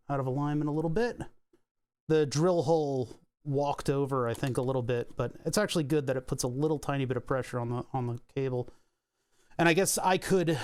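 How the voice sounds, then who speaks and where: A man's voice: a little high, a little mellow. A man livestreaming a printer repair, chatting casually and jokingly with sarcastic asides while he works. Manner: joking, sarcastic, chuckles often. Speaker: streamer doing printer repairs. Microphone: headset or desk mic.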